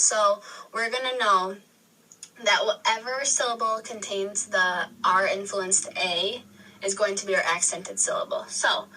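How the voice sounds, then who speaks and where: Bright-voiced woman teaching a spelling lesson. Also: medium pitch, slightly rough. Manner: explains patiently, restates and corrects herself. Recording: video re-recorded from a screen, distant mic.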